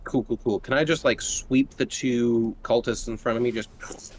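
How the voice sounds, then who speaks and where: A man's voice: medium pitch, fairly even intonation, moderate pace, a little hiss or hum. A man playing a tabletop role-playing game, asking casual, easygoing rules questions. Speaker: player.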